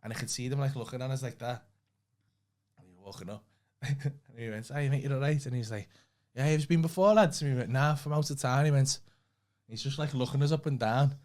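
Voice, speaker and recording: A man's voice: medium pitch, steady tone, brisk, a little mellow. A young man, co-hosting a podcast and telling a story in casual chat, swearing freely and laughing often. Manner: swears freely, tells stories with lots of laughing. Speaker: podcast co-host.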